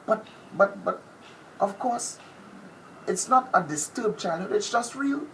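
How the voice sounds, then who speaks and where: A man doing an impression of a brash, boastful male TV personality, with a theatrical, drawn-out delivery that drops to whispers. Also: high voice, animated, gravelly, fairly bright tone, heavily acted. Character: brash boastful male TV personality, self-proclaimed top predator. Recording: noisy background ambience.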